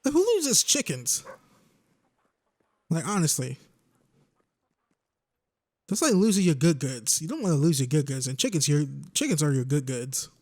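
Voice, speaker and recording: A man's voice: a little high, sing-song, normal speed, long pauses, darkish tone. Rambling young man commentating a game. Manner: rambling, joking, talks to himself. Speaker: gaming YouTuber.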